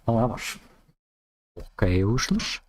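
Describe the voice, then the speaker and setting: A man's voice: fairly low pitch, very animated, measured pace. A man streaming himself as he codes, thinking aloud in clipped half-sentences to himself and swearing when things break. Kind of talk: muttering to himself while coding. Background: keyboard typing.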